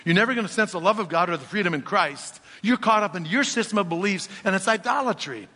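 A man's voice: high-pitched, animated, quick pace, pushed and bright. A man preaching a sermon as a pastor, talking directly and challenging the congregation with rhetorical questions, heard in a church sanctuary. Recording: long reverb of a church hall.

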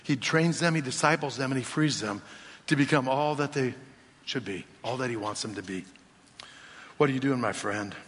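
A man's voice: mid-range voice, moderate pace, a bit bright, slightly rough. A man preaching a sermon as a pastor, talking directly and challenging the congregation with rhetorical questions, heard in a church sanctuary. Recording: long reverb of a church hall.

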